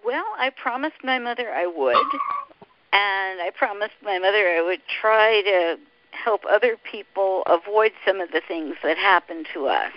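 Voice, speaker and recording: A woman author being interviewed on a radio show, answering in an earnest, measured way. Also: medium pitch, a little hiss or hum. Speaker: author and guest. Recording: dull lo-fi radio sound.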